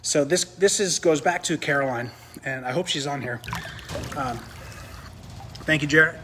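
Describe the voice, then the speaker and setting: A man's voice: on the high side, normal speed, background noise. A man, still out of breath, chatting casually and reading viewer questions aloud. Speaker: co-host. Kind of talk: casual live demo chat.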